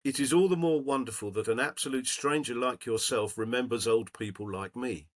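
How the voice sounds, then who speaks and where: A man's voice: medium pitch, fairly quick. Guy reading a letter to friends, mid voice, playful, saves the joke for the end. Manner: playful, builds to a punchline. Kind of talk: reading aloud in casual chat.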